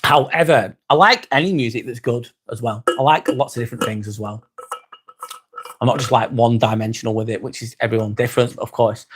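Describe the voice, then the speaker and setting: A man's voice: medium pitch, fairly quick, a little hiss or hum. Chatty English man hosting a livestream. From England. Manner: chatty, repeats phrases, many fillers. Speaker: livestream host. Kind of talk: casual livestream chat reading comments.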